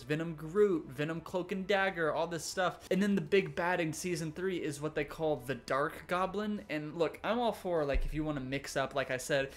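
Exasperated young man reviewing a cartoon. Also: fairly high pitch. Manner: rambling, exasperated, filler-heavy. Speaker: YouTube reviewer. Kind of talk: casual review monologue.

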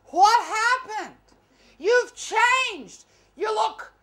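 A woman's voice: very high voice, animated, extremely slow, fairly bright tone, voice pushed up, heavily acted. A woman on stage playing a gushing, melodramatic friend who confides her woes.

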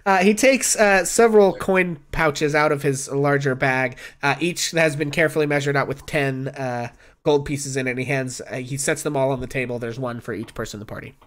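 Casual GM narration, hesitant, lots of ums. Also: mid-range voice. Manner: halting, many fillers. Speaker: game master. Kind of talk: narrating a tabletop game.

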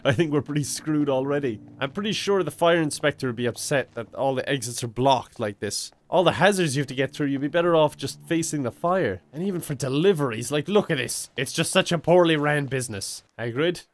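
A man's voice: fairly high pitch, fairly quick, hardly any pauses. A young Irish man doing comedic let's-play commentary, sarcastic, swearing and self-mocking. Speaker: gaming video host.

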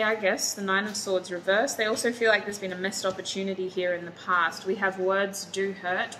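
The recording is rough, with a little hiss or hum, and the tarot reader's mid-range voice has a fairly bright tone. Addressing viewers as "you guys," she reads cards casually in a chatty, drowsy manner, mentioning that she's sleepy and her head is foggy.

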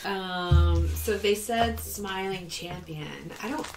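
A woman at a tabletop game, asking eager questions in a quick run. Her voice bounces in an echoey room, with other voices chattering behind her. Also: mid-range voice, a crowd in the background. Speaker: player. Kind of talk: casual tabletop play.

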